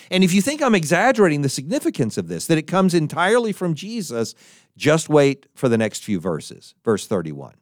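Animated man preaching a sermon. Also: on the high side, a little fast, no room sound, studio quality. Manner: animated, acts out quotes in voices.

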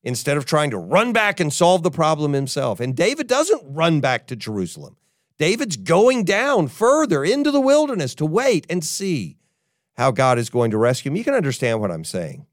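An older man preaching a sermon, telling a personal story in an animated way and acting out what people say. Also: medium pitch, no room sound, studio quality. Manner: animated storyteller, acts out quotes. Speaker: pastor.

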